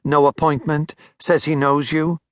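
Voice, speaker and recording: A man's voice: fairly high pitch, flat delivery, unhurried, no echo, studio quality, pitched above the performer's own voice, close to an everyday voice. A man voicing a fussy middle-aged woman receptionist, flustered and polite.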